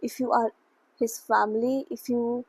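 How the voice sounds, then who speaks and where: A woman's voice: on the high side, level tone, moderate pace, husky, poor audio. A young woman talking casually about books in a chatty, gushing, rambling way. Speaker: book vlogger. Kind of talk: casual chat.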